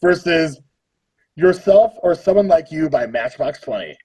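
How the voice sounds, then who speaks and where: A man's voice: on the high side, animated, measured pace, darkish tone, slightly rough, low-quality recording. A man in his thirties hosting a livestream, chatting casually and jokily as he reads out the matchups. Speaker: livestream host. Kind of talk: casual chat.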